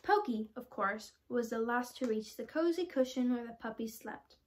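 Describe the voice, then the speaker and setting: A woman's voice: fairly high pitch, animated, moderate pace. Teenage girl reading a storybook. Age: teens. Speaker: storybook reader. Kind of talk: children's read-aloud.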